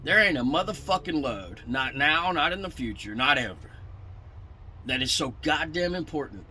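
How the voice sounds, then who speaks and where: A man's voice: fairly high pitch, animated, moderate pace, sharp tone, a little hiss or hum, low-quality recording. A man, a truck driver telling a story in a blunt, profane, angry rant.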